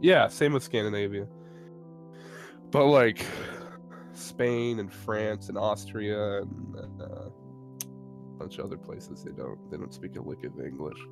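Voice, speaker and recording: A man's voice: lowish voice, slow pace, gravelly, long pauses, over music. A young man rambling through a story in casual chat, swearing often and poking fun at himself. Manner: rambling, swears a lot, self-mocking. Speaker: co-host of a live stream.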